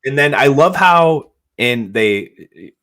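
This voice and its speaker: A man's voice: mid-range voice, animated, takes it slowly, a bit bright. A man co-hosting a podcast, chatting casually with many fillers as he recaps scenes. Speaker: podcast co-host. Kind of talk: casual chat.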